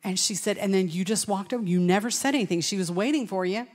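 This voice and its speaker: A middle-aged woman telling a personal testimony at a conference, lively and storytelling, acting out what people said. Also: mid-range voice, fast. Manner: animated storytelling with laughs and acted-out quotes. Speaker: conference speaker. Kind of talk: testimony sermon. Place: large church hall. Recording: long hall reverb.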